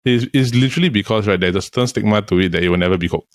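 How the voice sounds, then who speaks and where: A man's voice: lowish voice, very fast, dry recording, studio quality. A man from Singapore with a Singaporean English accent, earnestly explaining his views in a casual podcast chat. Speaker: podcast co-host.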